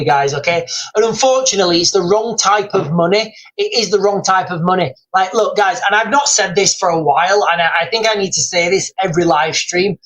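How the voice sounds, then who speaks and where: A man's voice: sits high, a bit bright, low-quality recording. A British man hosting a livestream, chatting through the news in a rambling, casual way and often saying "guys" and "like". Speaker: livestream host. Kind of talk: live-stream news commentary.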